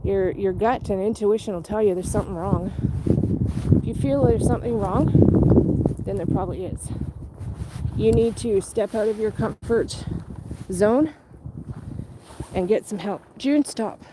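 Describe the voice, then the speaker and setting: A woman's voice: mid-range voice, unhurried, long pauses, background noise. A woman telling a personal story on a live stream while walking her dog outdoors in a rural area, speaking candidly and rambling. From Canada. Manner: candid, rambling, checking on viewers. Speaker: vlogger.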